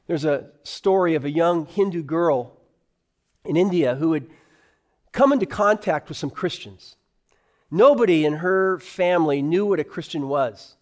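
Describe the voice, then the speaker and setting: Pastor, male, higher-than-usual voice, earnest sermon delivery with slow emphatic phrases. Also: a little mellow.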